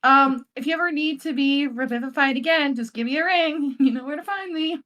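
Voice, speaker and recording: A woman's voice: high-pitched, a little fast, pushed and bright. A young woman rambling playfully while roleplaying in a tabletop game, full of fillers. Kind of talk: casual in-character roleplay chat.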